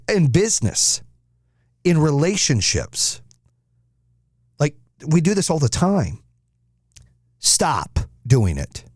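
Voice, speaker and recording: A middle-aged male podcast host speaks in a voice of ordinary pitch, blunt and fired-up as he lectures on mindset and business. He swears freely and drives each point home. The sound is dry, with almost no room around it. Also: a bit bright, no echo. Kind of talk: motivational podcast talk.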